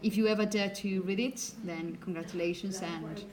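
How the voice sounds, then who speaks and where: A woman's voice: mid-range voice, fairly even intonation, normal speed, a little mellow. A woman whose first language is Spanish, teaching a phonetics lecture to a class and checking in with "okay?" as she explains.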